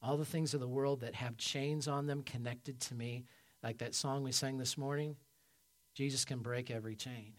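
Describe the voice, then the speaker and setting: A man preaching a sermon as pastor, emphatic, swinging from loud peaks to quiet low passages and calling for amens. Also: fairly even intonation, normal speed. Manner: asks the congregation for amens.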